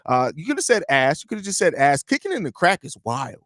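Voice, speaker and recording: A man's voice: a little high, big pitch swings, fairly quick, fairly bright tone, dry recording, clean studio sound. A man hosting a live sports podcast, rambling and joking profanely while reading chat aloud. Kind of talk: casual live-stream chat.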